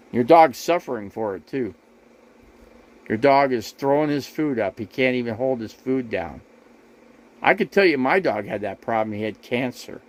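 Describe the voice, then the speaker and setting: A man's voice: mid-range voice, poor audio. A man hosting a casual livestream from his RV, talking straight to his viewers in a rambling, repetitive and defensive way. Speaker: RV living livestream host. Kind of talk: casual livestream talk to chat.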